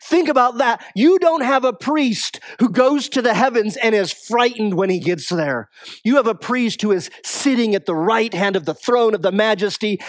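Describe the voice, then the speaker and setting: Male pastor, sermon delivery, urgent peaks and hushed lows, dry close mic. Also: animated, measured pace, no room sound. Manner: swings between raised urgency and hushed low tones.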